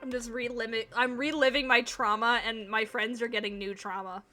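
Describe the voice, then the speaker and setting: A woman's voice: fairly high pitch, fairly even intonation, a little fast, sharp tone. A woman streaming a video game, chatting casually and sleepily, swearing freely and laughing often. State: sleepy, yawning. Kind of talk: casual chat while playing a video game.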